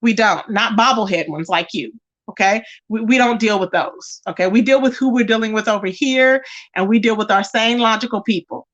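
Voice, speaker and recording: A woman hosting a casual online chat. She talks in a sassy, animated way and calls her listeners child and baby. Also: mid-range voice, normal speed, dull audio. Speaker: YouTube commentary host. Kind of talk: casual chat to a live audience.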